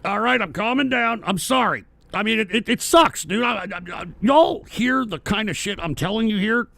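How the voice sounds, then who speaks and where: A man's voice: sits high, lively intonation, moderate pace, creaky, sharp tone. A man from the United States hosting a radio show, delivering a heated, profane political rant and repeating himself.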